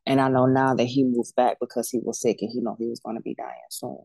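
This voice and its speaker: A woman in her forties, a death doula guest, telling a personal story in a casual, animated and emphatic way. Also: a bass voice, quick pace, vocal fry, dry recording.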